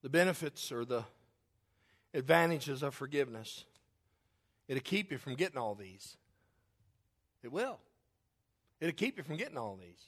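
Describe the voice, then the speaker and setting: A middle-aged man, a pastor, preaching a sermon in a conversational, joking way, moving between loud outbursts and quiet confession. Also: mid-range voice, sing-song, unhurried, pauses often.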